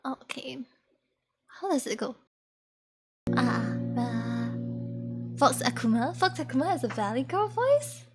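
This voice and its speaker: A woman's voice: high-pitched, lively intonation, takes it slowly, long pauses, faint music behind. A young woman streamer chatting casually with viewers between karaoke songs, giggly and rambling.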